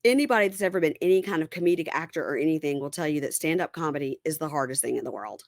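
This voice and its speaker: Low-voiced woman recapping animatedly. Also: rapid-fire, no room sound, clean studio sound. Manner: animated retelling, acting out quotes. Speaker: podcast co-host recapping reality TV. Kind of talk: casual chat.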